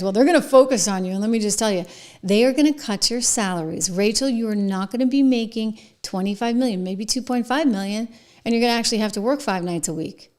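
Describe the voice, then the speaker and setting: A woman's voice: fairly high pitch, lively intonation, a little fast, darkish tone. A woman hosting an opinionated news commentary show, talking in an emphatic, sarcastic, conversational way. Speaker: host.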